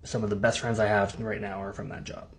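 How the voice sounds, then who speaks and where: A man from Canada, once a tour guide, telling an incredulous, animated story. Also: fairly low pitch, quick pace, a little hiss or hum. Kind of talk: casual storytelling.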